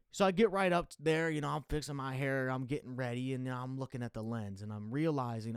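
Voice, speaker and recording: A young man hosting a comedy podcast, telling a rambling, casual, funny story in a laid-back way that gets animated as it goes. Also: mid-range voice, quick pace, hardly any pauses, clean tone, no echo, clean studio sound.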